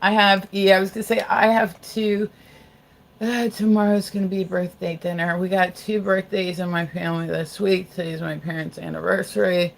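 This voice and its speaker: A woman's voice: medium pitch, flat delivery, normal speed, creaky, slight background noise. Blunt, rambling American woman streamer. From United States. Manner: rambling, blunt, swears, repeats herself. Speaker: livestream host. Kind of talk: casual live-stream chat.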